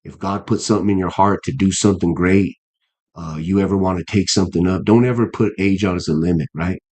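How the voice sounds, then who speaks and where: Deep-voiced earnest man in his fifties. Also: steady tone, darkish tone. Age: 50s. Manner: earnest, halting, many restarts and fillers. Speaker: guest boxer. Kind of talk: casual interview chat.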